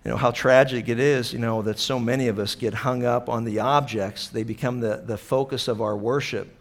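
A man preaching a sermon, impassioned, swinging between loud acted-out quotes and hushed, earnest passages. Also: mid-range voice, steady tone, brisk. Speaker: pastor.

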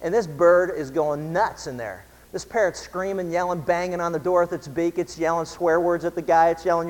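A male pastor delivers a sermon in an easygoing, conversational manner. His voice sits a little high for a man and carries a long reverb from a big church hall. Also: a little fast. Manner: relaxed, conversational storytelling.

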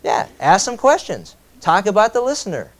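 A middle-aged man delivers a sermon, shifting between playful asides and earnest rhetorical questions. His voice sits a little higher than most men's, and he keeps an animated, conversational preaching style. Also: normal speed. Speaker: pastor.

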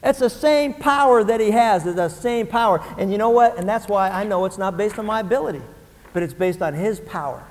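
A man preaching a sermon as pastor, swinging from hushed to shouting. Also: high voice, expressive, a little fast. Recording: reverberant hall.

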